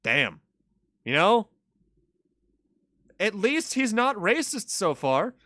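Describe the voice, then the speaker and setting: A man's voice: sits high, very animated, takes it slowly, bright, forceful tone, no room sound. A man giving casual, joking commentary while playing a story game. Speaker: gaming streamer. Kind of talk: casual let's-play commentary.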